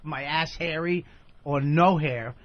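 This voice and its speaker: Male radio regular, crude deadpan humor, voice a touch high, slightly dull broadcast sound. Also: takes it slowly. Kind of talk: casual radio banter. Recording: slightly muffled radio audio.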